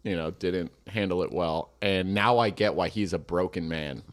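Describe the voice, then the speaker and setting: A man's voice: low-pitched, moderate pace. A man co-hosting a podcast in casual comedic chat, profane and jokey. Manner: profane, jokey, slips into goofy impressions. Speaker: podcast co-host.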